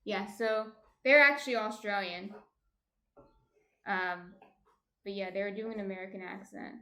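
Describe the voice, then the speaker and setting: A woman's voice: mid-range voice, measured pace, sharp tone. A woman hosting a casual cooking livestream from her home kitchen, chatty and light-hearted. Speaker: cooking streamer host.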